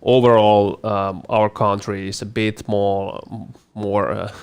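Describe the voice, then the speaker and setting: Low gravelly guy on a panel, pretty monotone, lots of uh and repeats. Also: takes it slowly. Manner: hesitant, repeats words, many fillers. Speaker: co-host. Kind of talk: casual panel Q&A.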